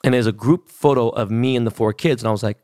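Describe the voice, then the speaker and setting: A man's voice: mid-range voice, quick pace, darkish tone, dry recording, clean studio sound. A man, hosting a podcast and telling a story in a casual, profane, slangy rant. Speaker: podcast host.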